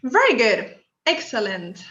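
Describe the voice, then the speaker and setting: A woman's voice: on the high side, wildly swooping pitch, unhurried, a bit bright. A woman whose first language is Spanish, running an online workshop in English and asking the group questions. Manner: encouraging, asks the group questions. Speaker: workshop instructor. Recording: echoey room, dull lo-fi audio.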